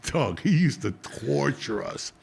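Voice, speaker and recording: A man casually telling animated, profane stories on a podcast. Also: medium pitch, slow pace, vocal fry, husky. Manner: profane, animated storytelling with laughter. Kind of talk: casual storytelling chat.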